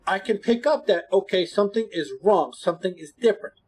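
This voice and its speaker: A man streaming, chatting with his viewers in a blunt, candid, rambling way that often drops suddenly to a quiet mumble. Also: high-pitched, fairly quick, breathy edge. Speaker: gaming streamer. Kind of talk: casual chat to stream viewers.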